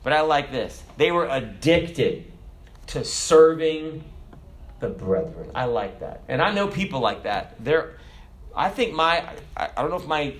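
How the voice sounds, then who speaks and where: A middle-aged man preaching a sermon as a pastor, telling stories and jumping from loud, high bursts to soft, low asides. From America. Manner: animated storytelling preacher, jumps loud and high then drops soft.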